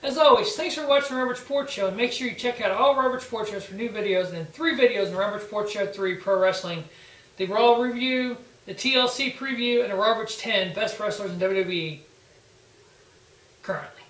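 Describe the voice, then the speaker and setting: A man's voice: sits high, a little fast, a bit bright. A man hosting a wrestling review show, giving a blunt, sarcastic casual recap and swearing freely. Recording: roomy echo, distant from mic.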